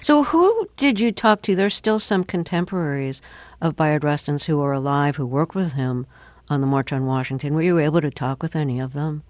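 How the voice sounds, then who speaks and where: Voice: mid-range voice, moderate pace, dry recording. Engaged interviewer asking questions. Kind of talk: conversational interview.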